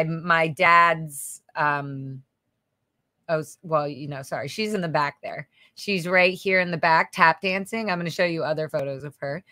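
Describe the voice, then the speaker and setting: A woman's voice: sits low, a bit bright, no room sound. Chatty woman hosting a livestream Q&A. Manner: chatty, reads viewer comments aloud, casual swearing. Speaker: livestream host. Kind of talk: casual livestream Q&A chat.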